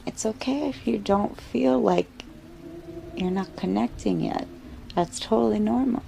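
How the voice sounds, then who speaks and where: A woman voicing a concerned, gentle doctor, speaking in a soothing, coaxing way. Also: mid-range voice, measured pace, gravelly, a little hiss or hum, voice pushed up, poor audio.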